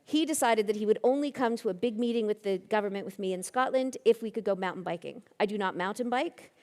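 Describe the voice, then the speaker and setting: A woman's voice: medium pitch, fast talker, darkish tone. A woman giving a conference talk, telling anecdotes with self-deprecating humor. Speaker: keynote speaker. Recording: long reverb of a hall.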